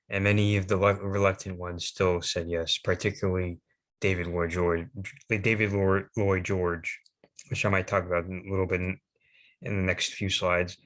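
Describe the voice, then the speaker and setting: A young man presenting history slides off the cuff, halting often with fillers and restarts. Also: low voice, a bit bright.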